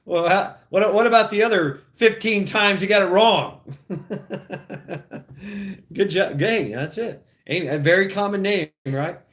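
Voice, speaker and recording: A man's voice: sits high, measured pace, a bit bright. A man, maybe in his thirties, hosting a casual livestream, talking to his chat in a rambling, profane way and laughing at his own jokes. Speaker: livestream host.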